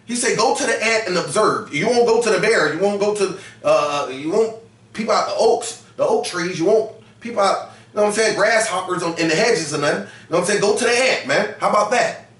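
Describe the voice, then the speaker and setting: A man's voice: sits high, expressive, brisk, a bit bright. A man teaching scripture in a street-style preaching manner, emphatic and slangy, often tagging "man" onto his lines. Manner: emphatic, slangy, repeats "man" and "you know what I'm saying". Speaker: teacher leading a scripture study. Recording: roomy sound from a distance.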